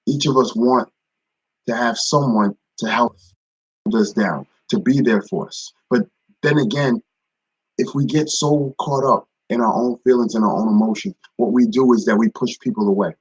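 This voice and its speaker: A man's voice: mid-range voice, steady tone, normal speed, husky, no echo, lo-fi sound. A man giving a casual spoken devotional, repeating phrases and greeting viewers by name. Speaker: ministry speaker. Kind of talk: live-streamed devotional talk.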